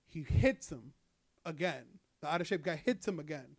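Young guy, slightly higher voice, casual profane storyteller. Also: lively intonation, normal speed. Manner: rambling, profane, lots of fillers. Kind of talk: casual chat.

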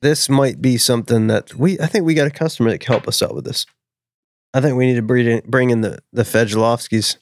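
A man's voice: medium pitch, brisk, slight background noise. A man chatting casually on a podcast, brash, profane and enthusiastic. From northern suburbs of Chicago. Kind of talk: casual chat.

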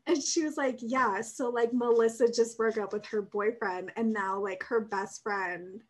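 A young woman co-hosting a podcast, telling a story in casual chat, animated and laughing often as she acts out quotes. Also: a little high, moderate pace. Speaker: podcast co-host.

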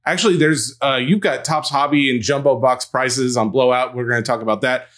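A man in his thirties co-hosting a casual chat show, full of playful jokes. His voice sits at a middling pitch. He tends to mumble a little, mouth half closed. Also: steady tone, brisk, a bit bright. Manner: joking, playful banter. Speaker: podcast co-host.

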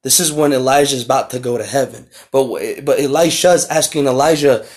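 A man preaching a podcast sermon, reading scripture slowly and with emphasis, then explaining it in a casual, repetitive way. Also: medium pitch. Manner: repeats and restarts phrases, swells loud on key words.

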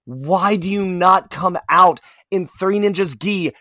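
A man co-hosting a podcast, talking in a casual, animated way with many fillers and restarts. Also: high-pitched, takes it slowly, no echo. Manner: animated, rambling wrestling fan talk with fillers. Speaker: podcast co-host. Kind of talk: casual chat.

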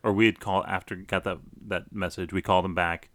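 A middle-aged man telling a personal story casually, animated, with many restarts. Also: low voice, fast talker, no room sound. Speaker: guest storyteller.

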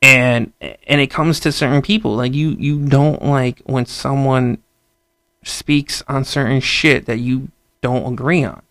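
A young man with a mid-range, slightly bright voice rants to camera in a casual vlog, recorded with no room sound. Despite his steady tone and measured pace, he's emphatic and profane, repeating himself and stammering through restarts.

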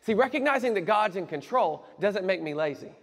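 A man preaching a sermon as pastor, animated and conversational with bits of humor. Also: high-pitched, fairly quick, in a large hall.

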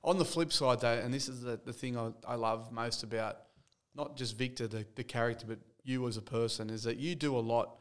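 A man's voice: mid-range voice, brisk, clean tone. Male podcast host. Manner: relaxed, encouraging questioner. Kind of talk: casual interview chat.

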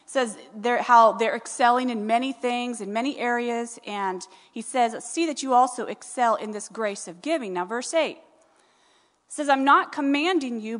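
Woman preacher, animated sermon, fairly high voice, church hall reverb. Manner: animated preaching, rising to emphatic peaks. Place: church sanctuary. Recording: long reverb of a large hall.

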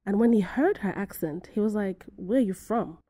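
A woman from Africa hosting her own podcast, telling a story in a lively way and acting out the voices of the people in it. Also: mid-range voice, moderate pace, no echo. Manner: animated storytelling, acts out quoted voices. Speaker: podcast host. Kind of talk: solo podcast monologue.

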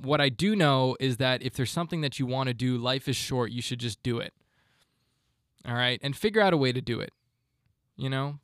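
A man's voice: mid-range voice, a bit bright, no echo, studio quality. A man in his twenties hosting a solo podcast, talking in a fired-up, motivational ranting way. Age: 20s. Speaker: podcast host.

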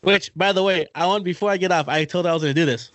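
A man's voice: sits high, very fast, a bit bright, no echo. A young man from Los Angeles, co-hosting a podcast in casual chat, telling stories with lots of swearing and laughter. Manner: profane, laughs often, storytelling. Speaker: podcast co-host.

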